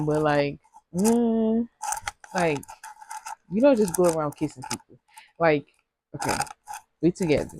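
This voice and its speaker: A woman's voice: fairly low pitch, darkish tone, a little hiss or hum. A young woman telling a rambling, slangy storytime to her viewers, laughing often. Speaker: vlogger. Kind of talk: casual storytime chat.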